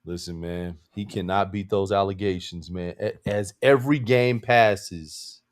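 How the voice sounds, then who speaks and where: Male sports podcast co-host: laid-back, wry and low-key in casual chat. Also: a little slow.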